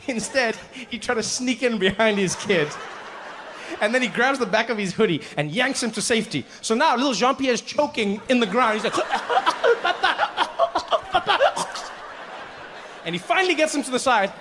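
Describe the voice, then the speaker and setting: A man performing stand-up comedy, telling a story in an animated way with acted voices. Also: very high-pitched, fairly quick, background noise.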